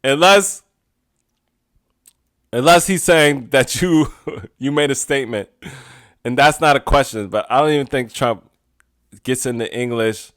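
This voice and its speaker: A man hosting a comedy podcast, talking in animated, rambling commentary and laughing often. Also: mid-range voice, unhurried, long pauses.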